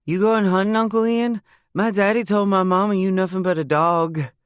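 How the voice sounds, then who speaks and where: A man voicing an excited little girl with a sing-song drawl. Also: high-pitched, normal speed, clear, resonant tone, no echo, studio quality, pitched above the performer's own voice, close to an everyday voice. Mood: chirpy.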